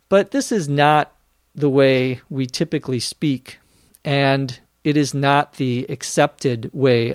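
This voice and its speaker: A man hosts an English lesson podcast, answering listener questions one at a time. He speaks very slowly and deliberately, spelling words out letter by letter, with a voice a touch higher than most men's. The sound is dry and close to the mic. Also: dry recording. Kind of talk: slow, careful podcast lesson.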